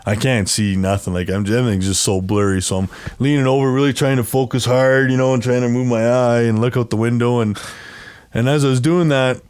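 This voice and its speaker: A man with a mid-range, slightly mellow, clean voice speaks briskly and steadily while telling a long story as an interview guest. Casual and rambling, he acts out quoted voices and laughs frequently.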